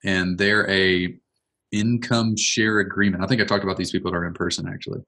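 Low bright-toned man thinking out loud. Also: fairly even intonation, poor audio. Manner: thinking out loud, quick and rambling. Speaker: business owner leading a brainstorm. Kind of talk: casual meeting discussion.

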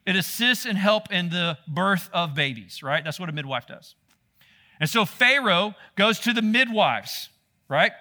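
Bright-voiced pastor preaching. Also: male voice, sits high, unhurried. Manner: animated, exclaiming, talks straight to listeners. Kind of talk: sermon.

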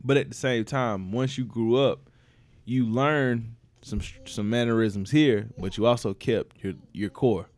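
Laid-back podcast host from South Carolina. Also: male voice, medium pitch, a little slow, darkish tone. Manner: loose, laughing banter with friends. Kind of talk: casual chat.

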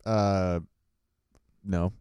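A man's voice: deep voice, flat delivery, extremely slow, a little mellow, smooth, no room sound, studio quality. A man co-hosting a podcast, rambling through casual chat and laughing often. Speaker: podcast co-host. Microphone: studio mic with headphones.

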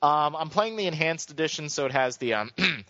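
A man co-hosting a casual gaming podcast, joking and ranting in an animated, exasperated way. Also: on the high side, brisk, no room sound. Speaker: podcast co-host. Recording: dull lo-fi sound, dry.

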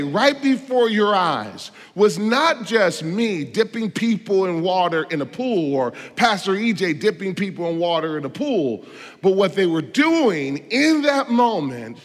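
A man preaches in a somewhat high voice, pressing his points with rhetorical questions and emphatic stresses. His words carry a long reverb through the church sanctuary. He moves from loud declarations to hushed, earnest asides. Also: very animated, a little slow. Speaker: pastor. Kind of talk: sermon.

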